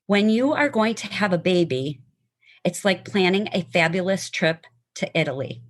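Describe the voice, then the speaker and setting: A woman's voice: lowish voice, animated, moderate pace. A woman sharing her personal testimony and reading a poem aloud, heartfelt and emotional, sometimes stumbling over words.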